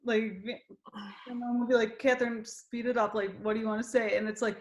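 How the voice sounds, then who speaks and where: A woman's voice: on the high side, level tone, brisk, a little mellow. A young woman in a casual group chat, hesitant and searching for her words, often laughing at herself. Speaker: support group member.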